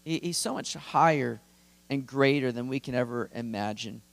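A man's voice: mid-range voice, normal speed, creaky. A male pastor giving an expository sermon in a conversational, earnest, emphatic way.

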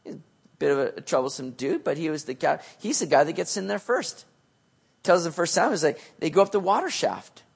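A male pastor preaching a sermon in a casual, animated, slangy way, swinging between loud and soft. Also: on the high side, fairly quick, creaky, breathy edge.

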